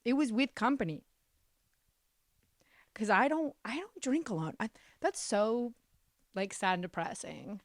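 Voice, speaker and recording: A fairly high, lively voice belongs to the young woman running this solo podcast, who talks a little slowly with long pauses. She's sarcastic, self-deprecating and openly profane, and a cold makes her sound somewhat blocked up. Studio-quality sound, no echo.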